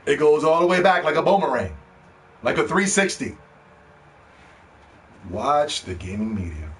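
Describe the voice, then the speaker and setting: A man's voice: a little high, big pitch swings, a little slow, slight background noise. Man pleading and ranting on a podcast. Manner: pleading and ranting, swings from hushed begging to shouting. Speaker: podcast host.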